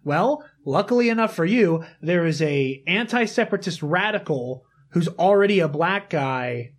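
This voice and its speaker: A man with a slightly raised pitch chats casually in a group, animated and quick to swear. He retells scenes with gusto and reads lines aloud in a steady rhythm. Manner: animated, swearing, quotes lines in dramatic voices.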